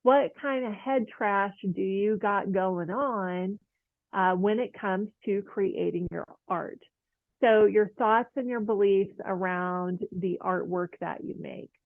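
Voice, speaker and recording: A woman's voice: mid-range voice, slow pace, vocal fry, no room sound, phone-quality sound. A woman art teacher talking casually to camera, chatty and encouraging, with lots of fillers and light laughs. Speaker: oil painting teacher. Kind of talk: casual motivational talk to camera.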